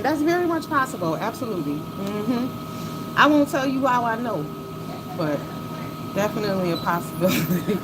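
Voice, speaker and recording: Car noise hums behind this livestream host, who broadcasts casually from her vehicle at a moderate pace. Her medium-pitched voice swings widely in pitch as she greets viewers by name and talks bluntly with plenty of profanity.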